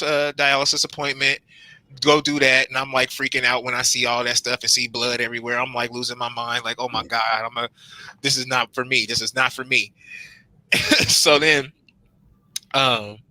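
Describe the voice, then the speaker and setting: A young man telling his own hospital story on a panel, lively and acting out his reactions in quoted lines. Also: medium pitch, no echo, poor audio. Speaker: transplant patient on a panel. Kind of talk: animated personal storytelling.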